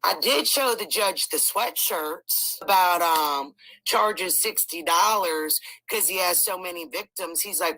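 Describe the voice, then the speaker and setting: A middle-aged woman telling a court story in an animated, emphatic way, swearing freely and acting out the people she quotes. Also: on the low side, a little slow, no room sound, low-quality recording. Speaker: guest recounting a court case.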